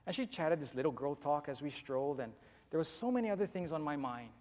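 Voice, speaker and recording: Expressive male storyteller in a hall. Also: fairly high pitch. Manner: expressive, with halting restarts. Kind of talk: dramatic story narration. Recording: long hall reverb with soft music.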